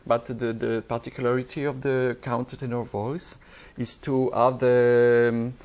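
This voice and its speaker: A French countertenor with a French accent, a native French speaker, who answers interview questions in halting English full of restarts as he searches for words. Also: medium pitch, flat delivery, a little mellow. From France. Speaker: opera countertenor. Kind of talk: interview guest explaining singing.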